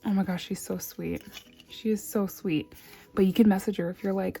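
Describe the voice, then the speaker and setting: A woman chatting casually in her vlog, bubbly and excitable, gasping and squealing over packages. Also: mid-range voice, moderate pace, gravelly, soft background music. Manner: murmured counting of cash. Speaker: budgeting vlogger.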